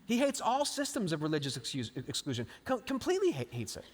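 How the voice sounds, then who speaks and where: A man preaching a live sermon, animated, acting out scripture quotes and swinging between loud and hushed lines. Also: fairly high pitch, fast. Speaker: pastor. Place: large church auditorium. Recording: live sermon with long hall reverb.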